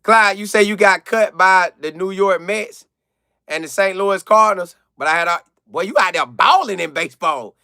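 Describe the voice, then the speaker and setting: Excitable man, bright high voice. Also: normal speed, clean tone, dry recording, clean studio sound. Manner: animated, excitable, repeats phrases for emphasis. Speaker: live-stream host answering chat. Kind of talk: casual live chat commentary.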